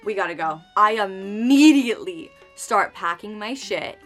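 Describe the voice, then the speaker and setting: A young woman telling a story to her camera in a chatty, dramatic way, acting out quotes with sudden high outbursts. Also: animated, unhurried, faint music behind. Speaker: vlogger. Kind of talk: casual storytime chat.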